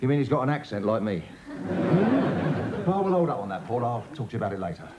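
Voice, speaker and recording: Brisk London boss, fast talker, roomy studio. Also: male voice, fairly low pitch, big pitch swings, a loud crowd. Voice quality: brisk, commanding. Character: brisk self-made male company boss. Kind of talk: 1980s studio sitcom acting. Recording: roomy studio with background hiss.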